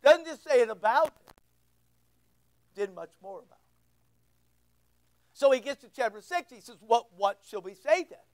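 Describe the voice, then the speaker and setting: High-voiced middle-aged male pastor preaching. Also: expressive, moderate pace, long pauses, low-quality recording. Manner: conversational, repeats words, asks the room questions. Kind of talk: sermon. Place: church.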